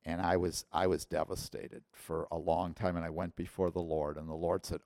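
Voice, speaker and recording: A man preaching a personal testimony, his voice swelling loud when he quotes others. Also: low-pitched, a little fast, hardly any pauses, no room sound, clean studio sound. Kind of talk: sermon testimony.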